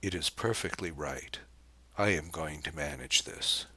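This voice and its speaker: A man reading the part of a poised young woman who speaks lightly, with a gentle mocking edge. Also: extremely low pitch, a little slow, husky, dry recording, full character voice. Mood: cool, mocking.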